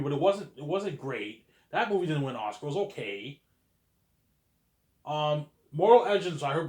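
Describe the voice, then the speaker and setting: A man with a slightly high voice talks casually to his viewers and keeps throwing rhetorical questions at them. His voice rings in a roomy, echoey space. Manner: chatty, addresses viewers, asks rhetorical questions. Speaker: vlogger. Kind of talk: casual opinion monologue. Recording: roomy echo.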